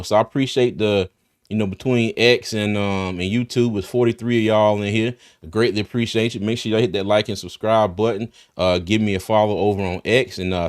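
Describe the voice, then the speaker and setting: A man hosting a casual livestream, laughing often and talking in loose, restarting bursts. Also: fairly low pitch. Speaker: host of a live draft-night stream.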